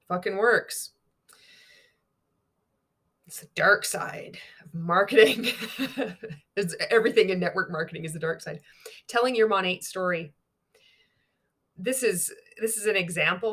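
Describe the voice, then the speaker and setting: A woman's voice: mid-range voice, lively intonation, moderate pace, a bit bright. A woman, a former network marketer, speaking candidly in a monologue vlog, blunt and sweary, mockingly reading out training material.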